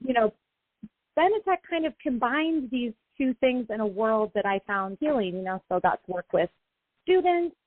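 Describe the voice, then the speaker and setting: A woman's voice: fairly high pitch, animated, normal speed, a little hiss or hum. Friendly woman guest on a phone line. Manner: friendly, soft fillers like "um" and "you know". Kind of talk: casual radio interview.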